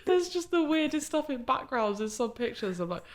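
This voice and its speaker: A young woman, a wedding photographer, chatting casually in an interview, blunt and lively, sometimes swearing and acting out clients. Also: high-pitched. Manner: chatty, blunt, swears, acts out clients and herself in quick voices. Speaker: wedding photographer, podcast guest.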